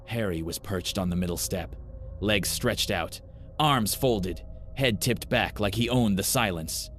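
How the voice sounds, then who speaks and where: A man narrating a first-person horror story in a grim, measured way. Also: lowish voice, fairly bright tone, a little hiss or hum.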